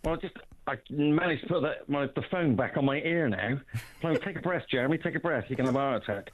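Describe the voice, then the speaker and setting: A man phoning in to a radio talk show to make his point in a calm, argumentative way. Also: on the high side, fast. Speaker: caller. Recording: phone line.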